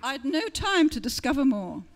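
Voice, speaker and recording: At a literary event, a woman author reads her own first-person fiction aloud, her storytelling lively and expressive as she changes tone for each character. Her voice sits high and her pace is moderate.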